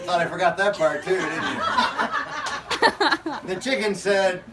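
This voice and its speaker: A man with a high, bright voice improvises a silly comic tale for a crowd, playful and prone to laughing mid-sentence. He is caught from a distance at an outdoor faire, with steady noise around him. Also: a little slow. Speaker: costumed pirate storyteller at a faire. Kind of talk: improvised comic storytelling with audience.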